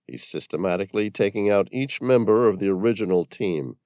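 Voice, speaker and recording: A scientist certain of a deadly pattern, talking urgently and grimly, as a male audiobook narrator plays him. Lively in pitch, recorded dry and close. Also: a little fast, no echo.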